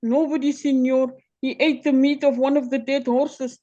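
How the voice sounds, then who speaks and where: Joke character: hesitant, apologetic male caretaker, read by a woman, high and a bit muffled. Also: level tone, normal speed, mellow, lightly acted. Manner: hesitant, stammering.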